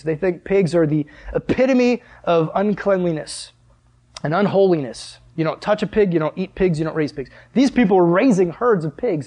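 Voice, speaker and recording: A man's voice: on the high side, a little mellow. A young man preaching a sermon in an earnest, conversational way, full of rhetorical questions. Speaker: pastor.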